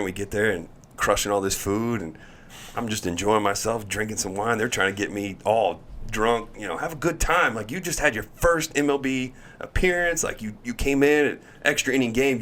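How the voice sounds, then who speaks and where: A man, a pro baseball pitcher, telling a story in casual chat and acting out the voices of the people in it. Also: fairly quick, a little hiss or hum. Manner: animated, acts out quoted voices, laughs while telling. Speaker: guest, MLB pitcher.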